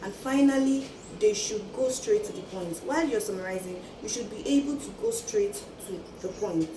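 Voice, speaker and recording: Woman teacher, echoey and distant. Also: medium pitch. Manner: measured, enumerating points. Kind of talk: classroom lesson. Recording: echoey room from far off, background noise.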